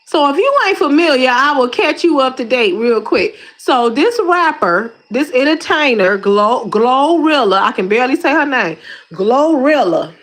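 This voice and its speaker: Lively high-voiced woman. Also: moderate pace, hardly any pauses. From Detroit. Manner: animated, repetitive, slangy and exclamatory. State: slightly winded while lifting weights. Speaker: YouTube commentary host. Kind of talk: casual commentary chat.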